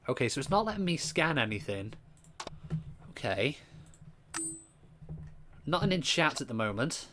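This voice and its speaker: A man's voice: a little high, sing-song, a little slow, long pauses, fairly bright tone. A man from Britain chatting casually while streaming a video game, offhand and friendly. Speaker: gaming streamer. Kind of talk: casual let's-play commentary.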